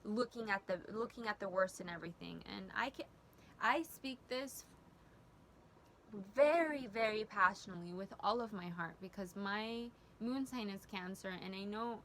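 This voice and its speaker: A woman's voice: mid-range voice, moderate pace, a bit bright, slight background noise. Earnest, emotional woman tarot reader. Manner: emotional, earnest, rambling with restarts. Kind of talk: tarot reading video.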